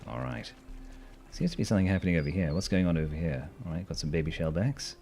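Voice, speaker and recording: A hoarse man chatting casually while streaming a game, playful and rambling, with silly sing-song asides. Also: low-pitched, fast talker, mellow, a little hiss or hum.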